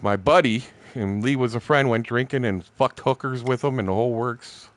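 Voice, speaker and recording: Medium in pitch and moderate in pace, this man in his sixties chats his way through rambling stories during a game stream. He is blunt, curses constantly, and laughs between remarks.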